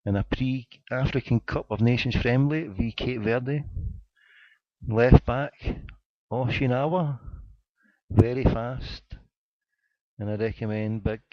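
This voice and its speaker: A man's voice: medium pitch, dry recording. Man ranting on a dull lo-fi stream. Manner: mock-indignant and joking, talking to a live chat. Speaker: internet radio host. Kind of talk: casual live radio rant. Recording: dry, dull lo-fi internet radio sound.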